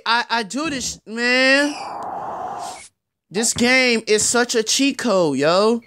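Frustrated young man yelling at a game. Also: high-pitched, very animated, unhurried, background noise. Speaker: gaming YouTuber. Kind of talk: live gameplay commentary.

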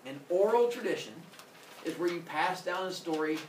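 A man teaching a class, telling a fable in an animated, playful way. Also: sits high, moderate pace, a little hiss or hum. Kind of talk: classroom storytelling. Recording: echoey classroom, distant mic.

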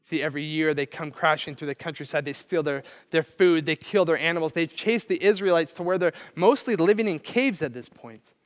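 Animated pastor in a reverberant church. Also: male voice, a little high, brisk, hardly any pauses. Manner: animated storytelling, acting out quoted voices. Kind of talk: sermon.

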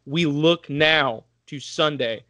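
A man's voice: fairly high pitch, pushed and bright, no room sound. A man hosting a casual sports podcast, leading the talk and weighing the team's roster. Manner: fast, analytic, leads the talk. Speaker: podcast host.

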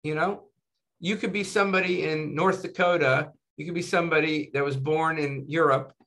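Chatty man, slightly high voice. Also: moderate pace. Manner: animated storytelling, tags 'right?' and 'you know'. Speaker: physician guest. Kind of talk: casual interview chat.

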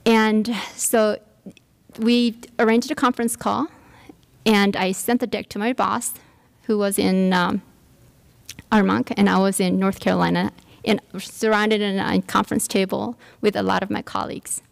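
A woman's voice: medium pitch, little pitch movement, unhurried, creaky. A woman giving a workshop talk, telling a personal story with many fillers and restarts. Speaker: workshop speaker. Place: lecture room.

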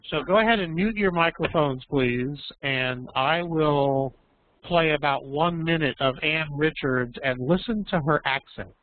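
Patient teacher on a tinny video call. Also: male voice, a little high, dry recording. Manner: patient, explaining slowly with questions. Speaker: English teacher. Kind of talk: online class lesson. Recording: tinny phone-like audio.

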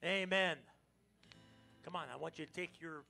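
An American man preaches in a church sanctuary, animated and playful with his congregation. His voice sits fairly high and has a gravelly edge. Quiet guitar plays behind him. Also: fast. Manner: animated, joking with the congregation, sudden loud exclamations. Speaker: pastor. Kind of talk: lively Palm Sunday sermon.

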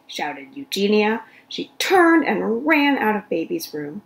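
A woman reading a children's story aloud in an expressive storytelling voice. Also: mid-range voice, slow pace, vocal fry, hardly any pauses, low-quality recording. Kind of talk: read-aloud storytelling for kids.

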